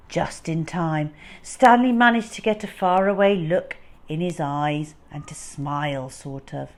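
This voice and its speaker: A woman reading a children's storybook aloud, expressive and unhurried. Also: deep voice.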